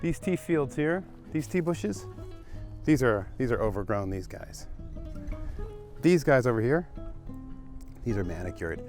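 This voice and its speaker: A man's voice: medium pitch, measured pace, long pauses. An American man vlogging casually while walking outdoors, musing aloud as he shows the camera around the countryside. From United States. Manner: relaxed, musing, talks to camera while exploring. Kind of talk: casual walking vlog narration. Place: outdoors, rural streets and tea fields. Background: background music.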